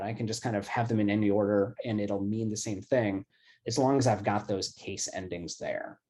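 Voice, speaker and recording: Here a middle-aged man who teaches classics explains grammar casually during an online lecture. His voice is lowish and warm with a breathy edge, and his delivery is relaxed and conversational, full of "um" and "kind of."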